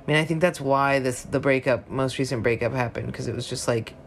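A woman's voice: a bass voice, fairly quick, slight background noise. Rambling young woman, candid casual chat. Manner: rambling, frequent restarts, casual swearing.

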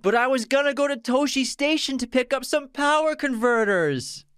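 A whiny young farm boy , as a man puts him on, complains in a high, strained whine. The voice sits far above a normal speaking pitch and sounds petulant. The recording is close and dry. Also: expressive, normal speed, a bit bright, clean tone, dry recording. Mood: whining.

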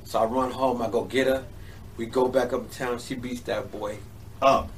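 A man's voice: mid-range voice, fairly even intonation, normal speed. A man being interviewed as a comedian, talking casually, repeating himself and agreeing eagerly. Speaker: comedian guest. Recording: distant mic, faint background noise.

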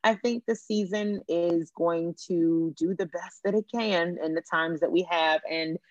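A chatty podcast host, a woman with a lowish voice who talks in an animated, emphatic way. The sound is dry and a bit dull and lo-fi, like a remote recording. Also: measured pace, dry recording. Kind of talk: casual podcast chat.

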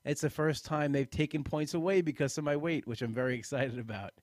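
A man's voice: on the high side, steady tone, brisk, dry recording, clean studio sound. A man hosting a casual live podcast, chatty and self-deprecating, a bit tired and rambling with restarts. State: tired, yawning. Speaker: podcast host.

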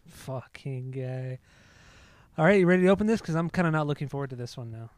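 A man's voice: mid-range voice, lively intonation, brisk, no room sound, clean studio sound. A young man co-hosting a casual beer review, joking and teasing, coughing now and then from a tickle in his throat. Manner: joking, teasing, stumbling over foreign names. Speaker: podcast co-host reviewing beer. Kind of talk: casual chat.

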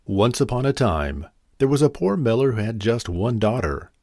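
A man narrating a fairy tale in an expressive, animated reading. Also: mid-range voice, moderate pace, dry recording, studio quality. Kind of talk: storybook narration.

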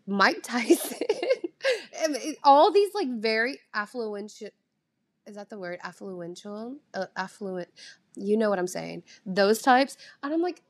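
A young woman vlogger telling a casual storytime, chatty and animated, full of fillers and the odd swear. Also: on the high side.

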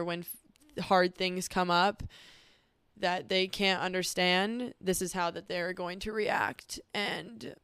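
A woman's voice: medium pitch, a bit bright, clear, resonant tone, no echo, clean studio sound. A woman hosting a podcast, talking candidly and earnestly about her feelings in a personal monologue. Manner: earnest and emotional, speaking frankly about feelings. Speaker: podcast host.

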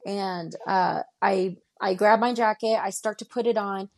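A woman's voice: medium pitch, steady tone, unhurried. A woman in her twenties from Denver, a podcast guest recounting a personal story in present tense and acting out what people said. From Denver, Colorado. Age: 20s. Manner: tells events in present tense, acting out dialogue.

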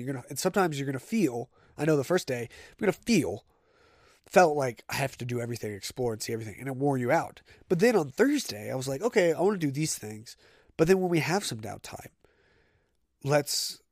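A man's voice: mid-range voice, darkish tone, dry recording, clean studio sound. A man hosting a casual solo podcast, telling stories in a chatty, conversational way. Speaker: podcast host.

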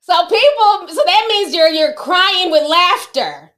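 A woman's voice: very high voice, lively intonation, slow, a bit bright. A middle-aged woman hosting a casual livestream, chatting with her viewers and laughing often. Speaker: livestream host.

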